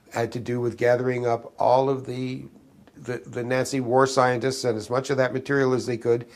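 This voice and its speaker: Halting man in his seventies. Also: mid-range voice. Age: 70s. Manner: halting, many restarts and fillers, conspiratorial tone. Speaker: interview guest. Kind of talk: rambling recollection in an interview.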